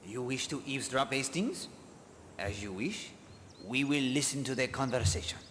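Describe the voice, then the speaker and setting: Man playing a polite, fastidious detective, formal, game voice acting. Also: mid-range voice, long reverb tail, noisy background, close to an everyday voice. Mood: courteous. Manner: formal, courteous.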